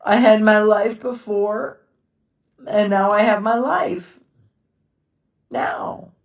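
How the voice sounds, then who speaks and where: Tearful widow, slow and halting. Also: female voice, mid-range voice, fairly even intonation, creaky, reverberant, recorded from a distance, rough recording. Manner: halting, emotional, breaking into tears. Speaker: widow sharing her grief. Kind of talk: personal confessional vlog. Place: quiet house at night.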